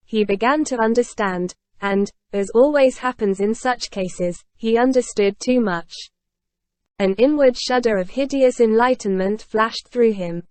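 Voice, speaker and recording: A woman reading a classic novel aloud in steady, even scripted narration. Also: fairly high pitch, no room sound. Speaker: audiobook reader.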